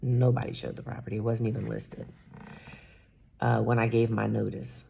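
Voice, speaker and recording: A woman's voice: very deep voice, flat delivery, moderate pace, gravelly, dark tone, a little hiss or hum. A woman in her fifties, a salon owner, talking candidly and rambling a little in a personal vlog, sometimes dropping to a whisper. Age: 50s.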